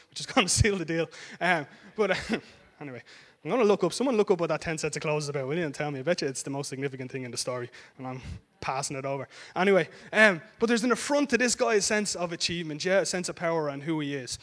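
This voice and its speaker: A man preaching to a congregation in a loose, conversational sermon. His voice sits high for a man. He checks in with his listeners and often restarts his sentences as he talks. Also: quick pace, fairly bright tone. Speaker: pastor.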